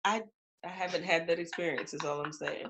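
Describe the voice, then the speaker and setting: A woman's voice: on the low side, fairly even intonation, fairly bright tone. A woman co-hosting a casual podcast chat, outspoken and emphatic, teasing her co-host. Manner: outspoken, emphatic, quick to tease.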